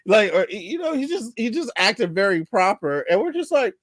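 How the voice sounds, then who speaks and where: A man hosting a podcast, chatting casually and telling stories with animated voices. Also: high-pitched, moderate pace, hardly any pauses, no echo, studio quality. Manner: animated storyteller, acts out voices. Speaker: podcast host. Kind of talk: casual conversation.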